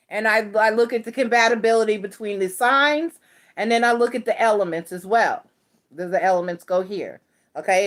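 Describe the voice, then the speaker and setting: Rambling woman reader. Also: mid-range voice. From North Carolina. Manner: rambling, restarts and self-corrections, talks to her cat mid-stream. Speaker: tarot and astrology reader. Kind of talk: casual explanatory chat to viewers.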